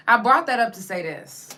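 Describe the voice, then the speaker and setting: A woman's voice: a little high, pushed and bright. A woman hosting her podcast in a casual, slangy monologue with plenty of profanity. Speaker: podcast host.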